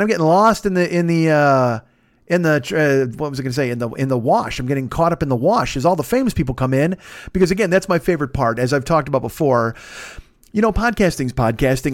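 A man in his forties with a fairly high voice, recorded dry and close at a desk microphone in his apartment. He rambles through casual podcast plugs, swearing freely, mocking himself and restarting his sentences. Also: no room sound. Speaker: podcast host.

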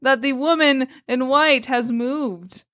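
A woman's voice: high voice, fairly even intonation, slow, a bit bright. Giggly woman game master. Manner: giggly, loose and joking. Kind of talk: narrating a tabletop game.

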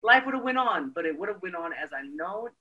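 A woman, a guest in a casual interview, telling her story with energy and leaning on lots of "you know"s. Her voice has a bright, forceful edge that carries each line. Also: lowish voice, sing-song, fast, lo-fi sound. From Brooklyn, New York.

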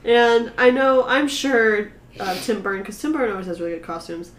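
A woman co-hosting a podcast in casual chat, chatty and full of "um" and "like", with quick agreeing replies. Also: a little high. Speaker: podcast co-host. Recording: roomy echo.

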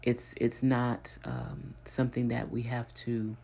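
A preacher delivering a sermon at an unhurried pace. Points come through emphatic repetition that builds in intensity, broken by hesitant restarts as the thought is found again. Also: medium pitch, little pitch movement, dark tone.

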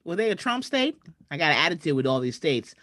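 A chatty woman comedian hosts her live stream and talks straight to her viewers. Her pitch leaps around as she talks, and the sound is dry and close on a webcam. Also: sing-song, fast, a bit bright, dry recording. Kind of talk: casual live-stream chat. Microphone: webcam video call.

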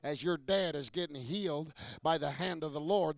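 A man preaching a sermon to a congregation, asking questions and building from low talk to shouted peaks. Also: normal speed, gravelly, no room sound.

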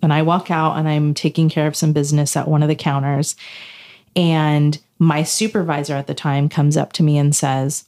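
A woman's voice: low-pitched, level tone, moderate pace, darkish tone. A woman co-hosting a podcast, telling a personal story in casual chat and acting out the dialogue. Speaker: podcast co-host.

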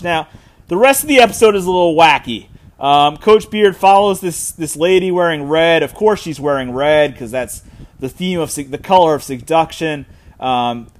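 A man hosting a solo podcast, talking casually and rambling with fillers and restarts. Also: a little high. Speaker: podcast host. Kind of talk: solo podcast episode recap.

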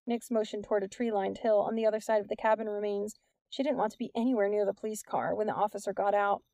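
A woman reading an audiobook in a measured, even narration. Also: mid-range voice, gravelly, no echo. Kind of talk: scripted narration.

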